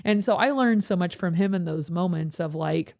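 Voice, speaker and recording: A woman youth pastor chatting casually, telling lively stories and jumping into high voices when she quotes people. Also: normal speed. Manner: animated storyteller, jumps into high voices when quoting others. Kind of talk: casual podcast chat.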